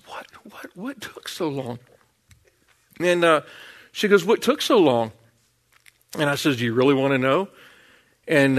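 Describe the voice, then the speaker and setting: A middle-aged male preacher in a sermon, telling a homespun tale with easy folksy warmth. His voice sits slightly on the higher side for a man. He punctuates the story with "Amen?" and "Hallelujah.". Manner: storytelling, folksy, with 'Amen?' and 'Hallelujah'.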